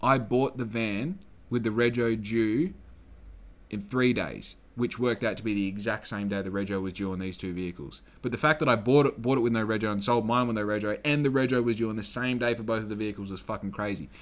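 A young Australian man hosting a solo podcast, telling a long story in a loose, swearing, animated way and acting out the people he quotes. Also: on the low side, a little fast. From Western Australia. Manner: swears freely, acts out quoted people, gets loud when excited. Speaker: podcast host.

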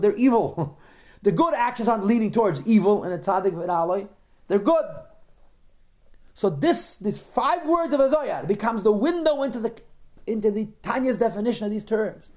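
High-voiced and a little mellow, a male Torah teacher works through a religious text with his class. He throws out rhetorical questions and replies to students' comments.

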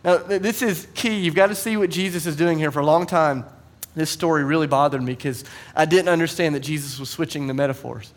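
Man, pastor, sermon, animated storyteller, slightly high voice, thirties. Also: brisk. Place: church.

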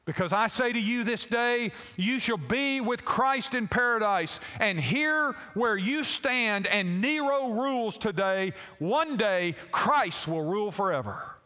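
A booming elderly apostle, played by a male preacher, pronounces blessings in a high, ringing voice. His lines are slow and loud, and they roll through a long hall reverb. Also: animated, clear, resonant tone, exaggerated voice.

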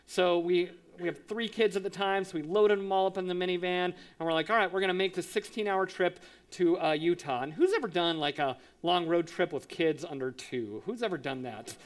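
High-voiced man telling a sermon story. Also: fairly quick, few pauses. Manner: animated, acts out quotes with sound effects. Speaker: pastor.

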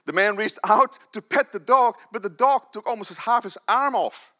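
A man's voice: high voice, normal speed. A man preaching a sermon, telling stories and joking with the congregation. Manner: animated storytelling with audience banter and laughs.

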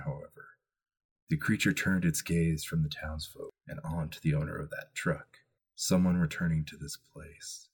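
A man hosting a tabletop game as its game master, telling a horror scene in slow, hushed narration that drops to a murmur. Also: low voice, husky.

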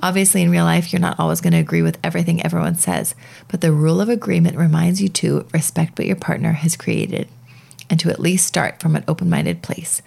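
A woman's voice: on the low side, lively intonation, fairly quick, vocal fry, darkish tone. A woman in her thirties co-hosting a parenting podcast, chatting casually and reading book passages aloud with playful emphasis. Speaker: podcast co-host.

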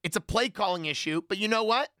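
Emphatic sports panelist, bright voice. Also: male voice, sits high, fast, no echo, clean studio sound. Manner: emphatic, repetitive, argumentative. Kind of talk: heated sports debate.

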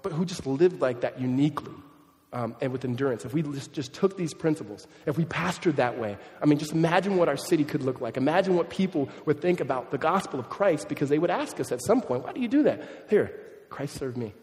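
A pastor around thirty preaching a sermon in a conversational, animated way, mixing in humorous family stories. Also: male voice, fairly high pitch, fairly quick, in a large hall.

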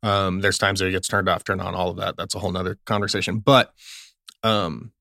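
A young adult man with a low, gravelly voice, speaking as a police officer guest on an interview. He tells work stories earnestly and acts out the dialogue. The sound is close and dry. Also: little pitch movement, a little fast, pushed and bright, no room sound. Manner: earnest, retells scenes with quoted dialogue. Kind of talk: conversational interview storytelling.

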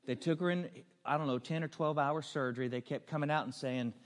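A man's voice: on the high side, brisk. A man preaching a storytelling sermon, earnest and building to emphatic questions. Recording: long hall reverb.

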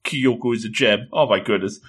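A man casually recapping a manga chapter, animated and full of exclamations. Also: medium pitch, brisk, breathy edge. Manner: animated, excitable, exclaims often. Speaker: manga reviewer.

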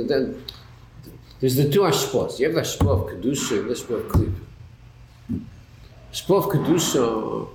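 Lively questioning man teaching a class. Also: mid-range voice, creaky. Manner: questioning, repeats words, rhetorical back-and-forth. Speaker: Torah teacher. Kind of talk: Talmudic-style class lecture. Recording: roomy recording with faint hum.

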